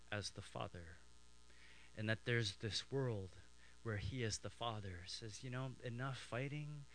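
A middle-aged man from Canada preaching a sermon, telling childhood stories in an animated way and acting out family voices. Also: medium pitch, slight background noise, low-quality recording. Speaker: pastor.

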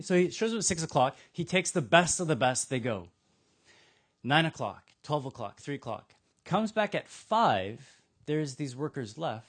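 A man preaching a sermon, retelling a parable with lively, acted-out voices. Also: medium pitch, moderate pace. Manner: animated storytelling, acting out characters.

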